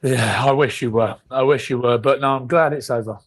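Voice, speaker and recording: A man's voice: mid-range voice, fairly even intonation, brisk. Man telling swear-laden stories. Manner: swears freely, rambling comic storytelling. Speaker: podcast co-host. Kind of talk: casual chat.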